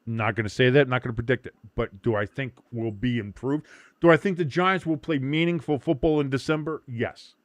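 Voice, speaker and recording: A man's voice: medium pitch, fairly quick, dry recording. A man hosting a casual sports watch-along stream, rambling, joking and swearing freely. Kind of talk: casual livestream chat.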